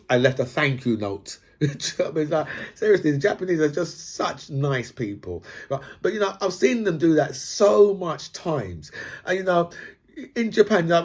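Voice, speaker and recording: A man's voice: medium pitch, a little mellow. A man ranting casually in a rambling monologue, swearing and tagging his points with "right?".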